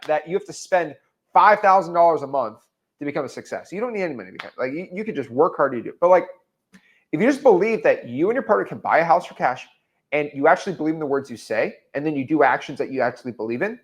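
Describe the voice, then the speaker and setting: A young man coaching real estate in a relaxed, animated way, often acting out both sides of a conversation. His voice sits slightly high, with very lively pitch. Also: fast talker. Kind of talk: casual teaching talk.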